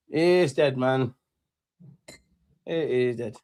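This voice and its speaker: Slangy and bored, a young streamer comments casually on a live football match in a fairly high voice with big pitch swings. He's unhurried and pauses often, and there's no room sound.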